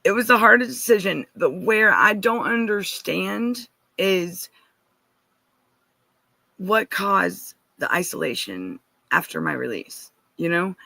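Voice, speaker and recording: Woman with a gravelly voice, bright tone, talking earnestly and kinda rambly, dry sound. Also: medium pitch, animated, takes it slowly, no echo. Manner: earnest, rambling with restarts, asks listeners directly. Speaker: guest. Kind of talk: emotional personal account.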